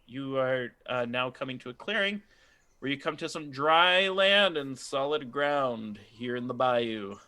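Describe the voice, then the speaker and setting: A man with a bright, forceful voice runs a tabletop game as game master. His narration is loose and rambling, full of ums and uhs. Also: medium pitch, animated, a little slow, clear, resonant tone.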